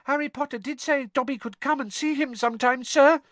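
Squeaky nervous little house-elf guy, way up high, jumpy and humble, dry close sound. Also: a little fast, fairly bright tone, no echo. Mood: anxious. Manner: nervous, humble, speaks of himself by name. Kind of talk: audiobook character voice.

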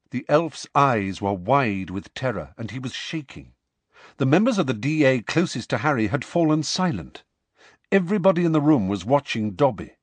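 A man narrating an audiobook in an expressive, measured storytelling manner. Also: mid-range voice, no room sound. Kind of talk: scripted narration.

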